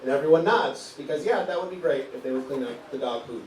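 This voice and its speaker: A man's voice: on the high side, expressive, fast talker, far from the mic. Forties guy doing standup, grumpy ranting, roomy room sound, faint crowd noise behind. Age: 40s. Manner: exasperated, ranting with crowd laughter. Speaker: stand-up comedian. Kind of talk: stand-up comedy set. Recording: roomy club sound from off-mic.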